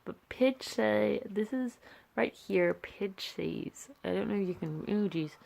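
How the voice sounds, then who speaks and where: A woman's voice: mid-range voice, unhurried, vocal fry, a little mellow. A young woman chatting casually and rambling with many fillers and restarts, filming on a handheld camera. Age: young adult. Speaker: art vlogger. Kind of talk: casual chat.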